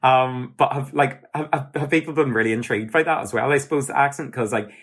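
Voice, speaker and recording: Brief: Northern Irish man, mid-pitched, loose and rambling as interviewer. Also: fast talker, fairly bright tone, husky. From Northern Ireland. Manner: rambling, many fillers like "like". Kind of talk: casual interview questions.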